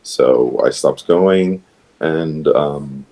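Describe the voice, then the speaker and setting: A man on a podcast telling a personal story in a hesitant, halting way, full of pauses and restarts. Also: rumbling low, mellow, rough recording. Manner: hesitant, many ums and restarts, emotional retelling. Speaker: podcast guest.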